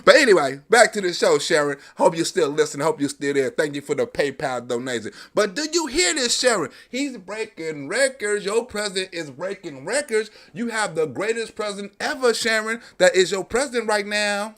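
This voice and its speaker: His voice is high-pitched and animated, fairly bright, moving at normal speed with few pauses. He's a livestream host aiming a foul-mouthed, mocking political rant right at his audience for laughs.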